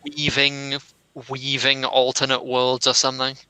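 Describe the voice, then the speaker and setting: A man's voice: mid-range voice, monotone, unhurried, pushed and bright, clean tone, rough recording. A young British man with a somewhat posh accent, chatting casually as a podcast co-host in a dry, wordy way. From England. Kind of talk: casual chat.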